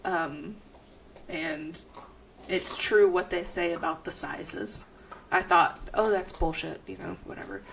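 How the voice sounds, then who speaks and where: A woman's voice: on the low side, steady tone, takes it slowly, gravelly, a bit bright, far from the mic, a little hiss or hum, low-quality recording. A young woman co-hosting a podcast in casual chat, a bit stuffy from allergies, swearing freely and laughing as she reads aloud. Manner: swears freely, laughs through reading a review. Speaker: podcast co-host.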